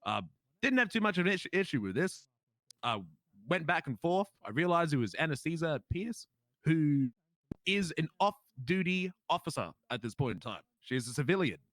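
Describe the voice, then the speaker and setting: A man's voice: fairly high pitch, big pitch swings, normal speed, a bit bright, no echo. A man with an Australian accent playing a police officer in a role-play game, telling his story in an indignant, emphatic way.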